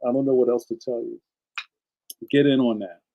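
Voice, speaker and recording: A man's voice: medium pitch, steady tone, moderate pace, vocal fry, lo-fi sound. A man hosting a casual livestream, chatting enthusiastically and speaking straight to his viewers. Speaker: livestream host and cartoonist.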